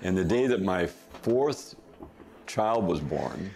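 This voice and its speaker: A middle-aged man casually telling a family story as a podcast guest, chuckling often and throwing in quick asides. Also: deep voice, expressive, darkish tone, a little hiss or hum.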